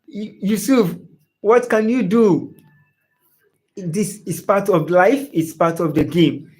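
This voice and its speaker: Man, high voice, live-stream football host, repeats himself, calls viewers by name. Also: a little mellow. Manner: talks straight to viewers by name, repeats phrases. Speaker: sports show host.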